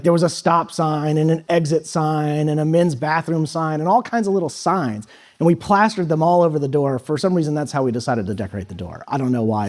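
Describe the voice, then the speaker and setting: A middle-aged man telling students a relaxed, anecdotal story about his first days at college, with fillers and acted-out quotes. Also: on the high side. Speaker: guest speaker to high school students. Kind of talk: storytelling talk. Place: school hall.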